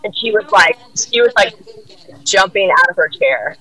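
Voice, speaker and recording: A woman telling a story in casual chat, rambling and animated, packed with "like" and casual swearing. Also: normal speed, poor audio. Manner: rambling, lots of "like" fillers and swearing; animated, jumps high in pitch when quoting others.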